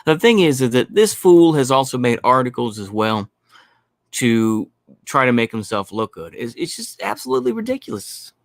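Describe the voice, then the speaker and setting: A man's voice: mid-range voice, moderate pace, no room sound, studio quality. A man hosting a stream, ranting bluntly and profanely in commentary, repeating his points. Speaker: stream host.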